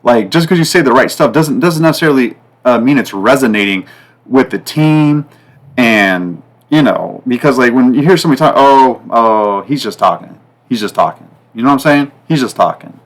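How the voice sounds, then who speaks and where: Rambling, excitable betting podcast man. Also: fairly quick. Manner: rambling, repetitive, fillers like "like" and "guys"; pitch and loudness swing up and down from line to line. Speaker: sports betting podcast host. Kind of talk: casual betting talk.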